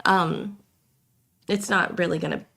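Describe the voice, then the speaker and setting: Woman co-host, low gravelly voice, hoarse and coughing, rambles. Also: fairly even intonation, measured pace, a bit bright. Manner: rambling, many fillers and restarts. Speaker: podcast co-host. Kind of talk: casual chat.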